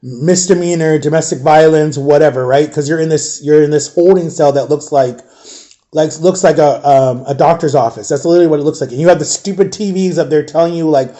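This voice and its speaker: Man, casual storyteller, rambling and animated, slightly high voice, warm tone. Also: fairly quick.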